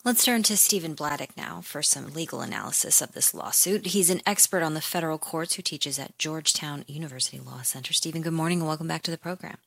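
Female news host, deep-pitched and composed, dry studio sound. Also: lively intonation, quick pace, creaky, hardly any pauses, fairly bright tone, no room sound. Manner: composed, questioning. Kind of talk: radio news interview.

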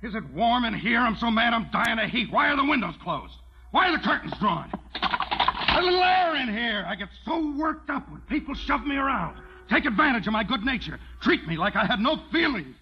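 An actor playing a short-tempered rancher who rants and bellows complaints, in a classic western film. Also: male voice, very high-pitched, sing-song, moderate pace, muffled recording, a little hiss or hum, heavily acted. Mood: ranting. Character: blustering irritable rancher man, short-tempered.

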